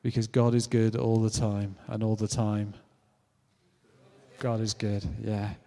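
British man, sermon, conversational storyteller, mellow tone, long hall reverb. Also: lowish voice, unhurried. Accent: British English. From Britain. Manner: conversational, animated storytelling with acted-out quotes. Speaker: preacher.

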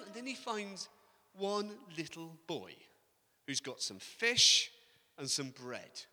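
A man delivers a sermon in an animated storytelling manner. His voice sits high for a man and sounds strikingly bright. The long reverb of a large hall rings around every phrase. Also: slow. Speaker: pastor.

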